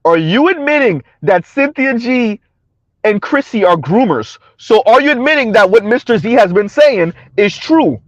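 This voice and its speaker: A man's voice: sits high, big pitch swings, normal speed, no room sound, lo-fi sound. A man giving a combative, sarcastic opinion rant to his viewers, repeating his points and laughing between them. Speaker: commentary vlogger.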